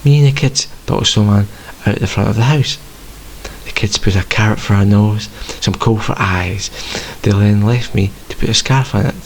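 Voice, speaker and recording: A man tells a first-person story in a plain, measured reading. His voice is low and carries a gravelly rasp. Faint hiss sits behind him. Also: poor audio.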